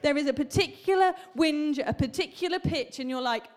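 High-voiced woman preaching. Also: fairly quick, hardly any pauses. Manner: chatty, humorous storytelling with asides to the congregation. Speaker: pastor. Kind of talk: sermon. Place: church hall.

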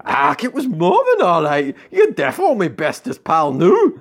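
A man's voice: on the high side, huge pitch swings, unhurried, breathy edge, voice pushed up, exaggerated voice. A man voicing a patient male friend who chides and soothes his hot-headed mate. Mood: coaxing. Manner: soothing, chiding.

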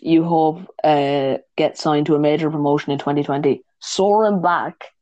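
A man's voice: fairly high pitch, steady tone, normal speed, darkish tone, no room sound, muffled recording. A man co-hosting a casual podcast, talking fight sports, swearing and laughing often. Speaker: podcast co-host. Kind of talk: casual chat.

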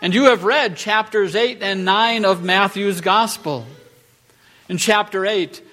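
Preaching from the pulpit of a church, the pastor speaks a little slowly in a high-pitched, bright, forceful voice. His emphatic delivery builds with rhetorical questions, rising on key phrases.

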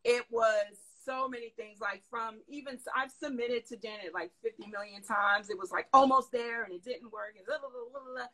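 A woman telling a lively story in a casual interview, excitable and full of slangy asides. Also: a little high, moderate pace, few pauses, rough recording. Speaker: guest dancer and choreographer.

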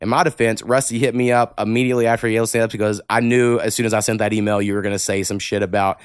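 A man's voice: lowish voice, rapid-fire, clear, resonant tone, no echo, clean studio sound. A man hosting a casual podcast, reading listener emails aloud and ranting bluntly with plenty of cussing. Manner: blunt, heavy cussing, animated rants. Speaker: podcast host.

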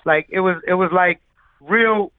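A man's voice: high voice, measured pace, clean tone, no room sound. Man telling stories over a tinny line. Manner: loose, filler-heavy storyteller. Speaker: music producer guest. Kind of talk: casual interview storytelling.

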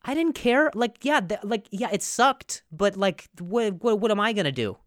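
A man's voice: high voice, animated, moderate pace, a bit bright, no echo, clean studio sound. A young man hosting a comedy podcast, rambling and profane, with sarcastic rants full of restarts. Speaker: podcast host.

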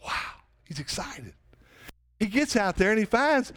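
A man's voice: high-pitched, big pitch swings, a little slow, pauses often, a bit bright. A man pastor preaching a sermon in a conversational way, often asking the congregation rhetorical questions.

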